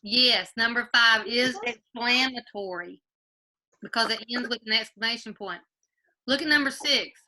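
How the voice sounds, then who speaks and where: Brief: woman grade-school teacher on a video call from home, very bright, slightly high voice, patient, repeats questions. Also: unhurried. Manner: patient, quizzes pupils by name, repeats questions. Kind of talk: online class teaching.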